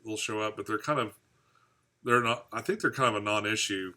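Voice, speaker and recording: Here a man with a lowish, sharp-toned voice talks fairly quickly. Hosting a fishkeeping live stream, he reads out what viewers comment and rambles on in an easygoing, chatty style, laughing at his own jokes.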